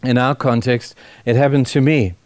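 A man's voice: medium pitch, steady tone, darkish tone, dry recording. Earnest middle-aged male pastor preaching. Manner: earnest, emotional storytelling with halting restarts. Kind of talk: sermon told as a personal testimony.

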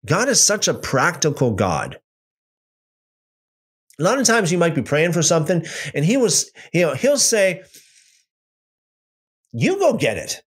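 A man leading a casual Bible study, reading passages aloud and commenting with animated repetition. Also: a little high, moderate pace, pauses often, slightly rough. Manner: animated, repeats phrases for emphasis.

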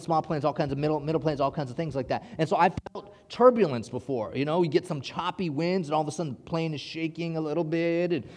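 A male pastor preaching a sermon, telling a personal story with animated, rising delivery at the dramatic moments. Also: medium pitch.

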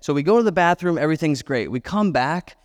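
A man in his thirties, a pastor, preaches a sermon and tells a self-deprecating personal story full of chatty asides. His voice is fairly high and animated, and he talks fast. The recording carries a long hall reverb.

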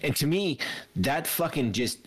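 A man's voice: on the high side, expressive, unhurried, husky. A man in casual podcast chat, talking in a profane, heated, rambling way. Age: adult, grew up in a scene with youth fights.

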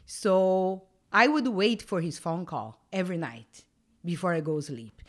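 A middle-aged woman whose first language is Portuguese, chatting warmly as a podcast guest with slightly broken phrasing. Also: lowish voice, animated, a little slow. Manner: warm, hesitant, broken phrasing. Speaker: guest, a host's mother. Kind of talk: casual chat.

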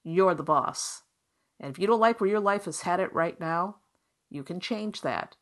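A woman's voice: fairly low pitch, measured pace, a bit bright. A woman hosting a solo tarot podcast, talking in an upbeat, encouraging, conversational way. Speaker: podcast host, tarot reader.

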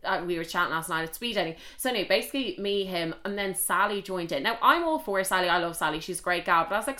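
A young Irish woman tells a story in a casual, chatty way, quick to swear and full of animation. Her voice sits a little low but has a bright, forceful edge. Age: young adult.

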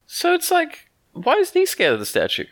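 A man's voice: very high voice, wildly swooping pitch, normal speed, fairly bright tone, no room sound. A man with an Australian accent, chatting casually as a podcast co-host, wry and joking, often laughing. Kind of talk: casual chat.

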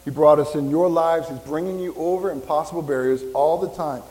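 A man's voice: a little high, a little fast, darkish tone, soft background music. Rambling man preaching in a hall. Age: 50s. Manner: rambling, conversational, jokes with congregation. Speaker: pastor. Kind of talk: sermon. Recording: reverberant hall.

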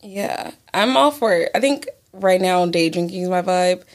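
A woman's voice: on the low side, lively intonation, moderate pace. A young woman in her twenties co-hosting a podcast in casual chat, laughing through her stories and swearing casually. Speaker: podcast co-host.

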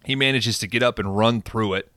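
Bright, crisp-voiced man recapping a film. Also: on the low side, a little fast, no room sound. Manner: excited and profane, animated storytelling. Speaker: podcast host.

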